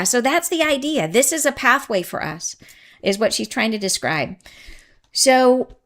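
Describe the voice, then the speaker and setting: Woman, podcast host; chatty and excitable, loose spiritual talk, prone to tangents. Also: on the high side, brisk. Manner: chatty, rambling, goes off on tangents; laughs often, excitable. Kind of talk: casual spiritual talk to listeners.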